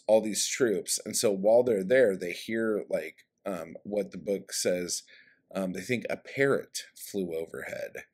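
A man's voice: on the low side, a little mellow. A man recapping a story in a casual, rambling way, with lots of swearing and fillers, in a room at home. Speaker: book vlogger. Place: room at home by a street window.

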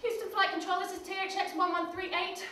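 A woman's voice: very high-pitched, steady tone, fast, heavy background noise. An actress auditioning as a panicked young woman mail-plane pilot, flustered and stammering. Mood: terrified. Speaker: auditioning actor. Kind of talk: audition scene reading. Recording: echoey room, distant mic.

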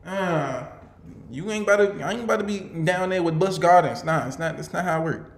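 A young man giving casual reaction commentary, animated and swearing, laughing often and stumbling over repeated words. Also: high-pitched, fairly quick. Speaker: reaction video host. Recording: roomy echo.

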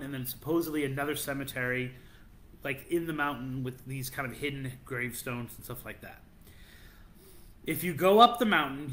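Casting: playful male podcast host, bright tone, storytelling legends casually. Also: mid-range voice. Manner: animated storyteller, playful and teasing. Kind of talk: casual chat, telling legends.

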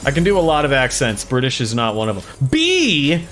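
A man giving casual, profane, excitable commentary while playing a video game. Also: mid-range voice, normal speed, a little hiss or hum. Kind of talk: casual let's-play commentary. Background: game soundtrack and sound effects.

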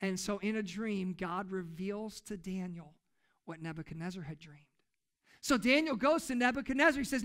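Male pastor with a forceful, bright voice; emphatic storyteller preaching to his congregation. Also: high voice, normal speed. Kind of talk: sermon. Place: church service.

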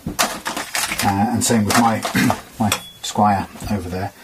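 A man's voice: on the low side, steady tone, slow pace, very noisy. A man casually talking through guitar fret work in a workshop, rambling with many fillers as he explains each step. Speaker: guitar repairer.

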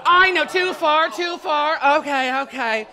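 A woman's voice: high-pitched, unhurried. A Canadian drag queen performing a crude, teasing stand-up set on stage. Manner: brash, crude punchlines, teasing the audience. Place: stage before a live audience. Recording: loud live crowd and noise.

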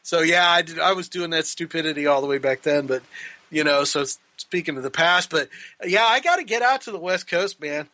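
A man's voice: fairly high pitch, fairly quick, bright, forceful tone, no echo. Older male co-host, teasing banter in a fake Scottish accent, dry close mic. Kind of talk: casual podcast banter.

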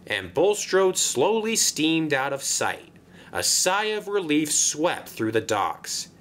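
Guy narrating a toy train story, slow and sing-songy. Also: a little high, very animated, fairly bright tone.

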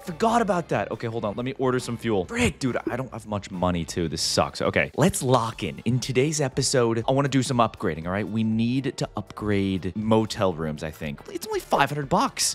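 A man hosting a gaming video, giving casual gameplay commentary with excitable, jumpy reactions and playful mock outrage. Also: medium pitch.

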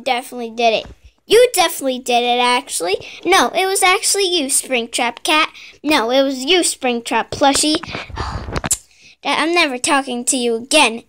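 A woman's voice: high-pitched, moderate pace, a bit bright. A woman improvising a playful, bickering skit, voicing a group of plush toys herself. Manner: playful, bickering, childlike banter.

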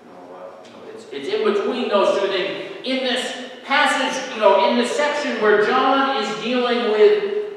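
A man preaching a sermon as pastor, in a conversational way that sinks to a low murmur in his asides. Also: very animated, measured pace, fairly bright tone, slight background noise. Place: church sanctuary. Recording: echoey hall from far off.

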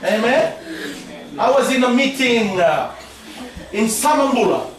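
A male preacher giving an animated sermon, often calling out "amen?" and mixing in words of a local language. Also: very high voice, unhurried. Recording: echoey hall, from far off, faint ambience.

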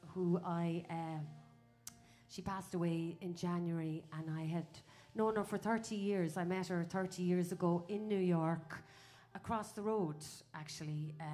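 A woman's voice: on the low side, steady tone, a little slow, warm tone, faint music behind. Chatty Irish woman talking from a stage. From Ireland. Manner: chatty and rambling, many "uh"s, laughs at her own stories. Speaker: folk singer on stage. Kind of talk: onstage banter between songs. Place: small live music venue.

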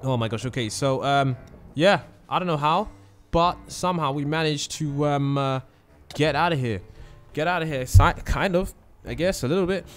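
A man hosting a gaming channel, giving let's-play commentary in an excitable way, often exclaiming and thinking aloud. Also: on the high side, normal speed, soft background music.

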